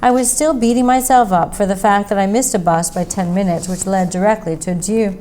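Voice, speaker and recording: A woman reading a mystery short story aloud in a steady, measured narration. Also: medium pitch, slight background noise, poor audio. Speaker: story reader.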